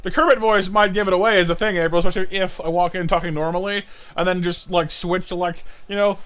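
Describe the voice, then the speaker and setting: Chatty, high-voiced streamer guy. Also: steady tone, fast, a bit bright, soft background music. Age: 30s. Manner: rambling, stammering, with lots of fillers. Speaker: art streamer. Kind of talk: casual live-stream chat.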